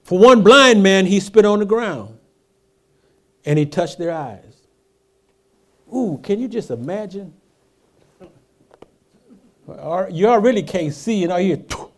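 Male pastor, sermon delivery: unhurried, animated, from quiet asides to loud emphatic peaks. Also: sits high. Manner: call-and-response preaching, rhetorical questions to the congregation; swings between hushed asides and loud emphatic lines.

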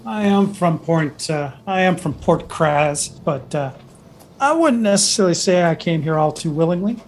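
Game master doing a gruff scruffy dwarf sailor. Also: mid-range voice, expressive, normal speed, a little hiss or hum, close to an everyday voice. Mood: guarded.

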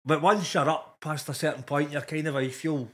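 Slightly higher-voiced Scottish male comedian. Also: fairly even intonation, moderate pace. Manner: joking, crude banter. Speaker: comedian, podcast co-host. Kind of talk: casual chat.

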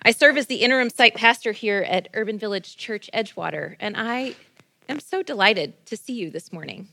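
A woman's voice: medium pitch, lively intonation, brisk, gravelly, pushed and bright. A woman pastor giving a sermon and prayer in a playful, conversational preaching manner. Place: church.

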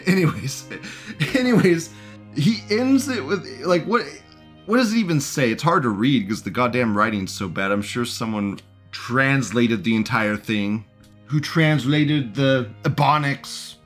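A man's voice: mid-range voice, unhurried, fairly bright tone, soft background music. A man hosting a live show, rambling in casual commentary, laughing often and repeating himself. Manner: reads out chat messages in a mocking tone.

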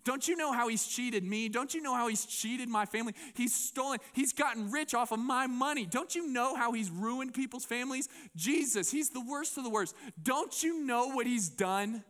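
Man putting on a protesting disciple, high voice, indignant, pleading. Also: a bit bright, clear, resonant tone. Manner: pleading, indignant, rapid complaints. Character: exasperated male disciple protesting to his teacher.

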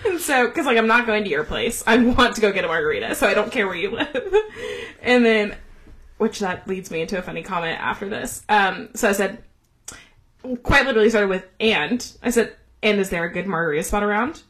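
A woman co-hosting a casual podcast, laughing often as she recounts a story. Her voice sits at a middle pitch, and she talks in an animated, chatty way. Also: fairly quick. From US South. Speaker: podcast co-host. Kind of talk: casual chat.

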